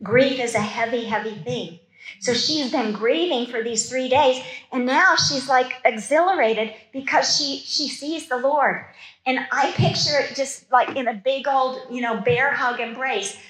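A woman teaches a Bible study sermon in a fairly high voice. She reads the verses aloud, then breaks off into casual, conversational asides about them. The room adds a noticeable, roomy echo. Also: measured pace, a bit bright.

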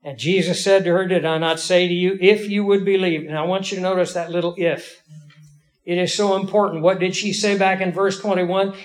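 Emphatic preacher with a high voice. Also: male voice, steady tone. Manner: folksy, emphatic, slows down for key lines. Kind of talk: sermon.

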